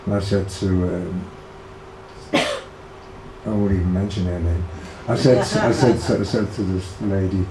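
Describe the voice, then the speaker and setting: A man's voice: low-pitched, fairly even intonation, a little slow, vocal fry, pauses often, crowd noise. An older man with a Liverpool accent, casually reminiscing about his brother in an interview, rambling with many fillers and restarts. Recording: echoey room, faint background hiss.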